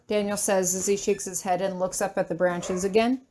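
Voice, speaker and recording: A woman reading a fan fiction story aloud in the first person, expressive in her delivery. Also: normal speed, hardly any pauses, a little hiss or hum. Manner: expressive, shrill when shouting. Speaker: audiobook reader of fan fiction.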